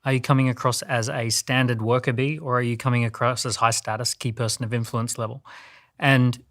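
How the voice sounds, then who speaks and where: A man on a business panel giving a measured, structured explanation. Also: mid-range voice, level tone, fairly bright tone. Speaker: business guest. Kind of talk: panel discussion.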